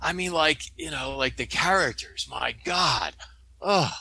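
A man telling stories as an interview guest, animated and tagging his points with "okay?". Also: a little high, a little slow, creaky, breathy edge, no echo. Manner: animated, tags statements with "okay?". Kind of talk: conversational storytelling.

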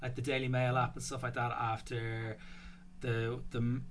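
A man's voice: medium pitch, monotone, normal speed, slight background noise. An Irish man hosting a fitness podcast, talking bluntly and casually, with the odd swear. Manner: blunt and sweary, level delivery. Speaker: podcast host.

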